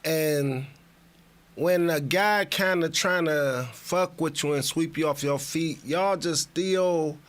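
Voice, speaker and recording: A man's voice: on the high side, takes it slowly, a bit bright. A man chatting on a podcast in a laid-back, rambling way with profane slang. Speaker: podcast co-host. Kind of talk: casual podcast chat.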